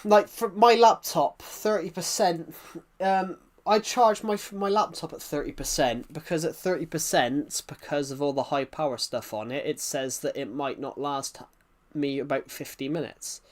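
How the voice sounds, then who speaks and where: A man with a thick regional accent, chatting on a live game stream in a rambling, halting way with many restarts. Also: a little high. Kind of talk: live-stream chat while gaming.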